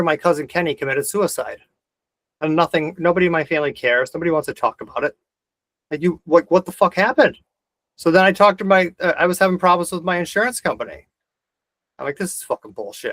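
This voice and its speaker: A man's voice: high-pitched, a bit bright, dry recording. A man hosting a video call discussion, talking intensely and ranting with heavy swearing. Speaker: host of the discussion.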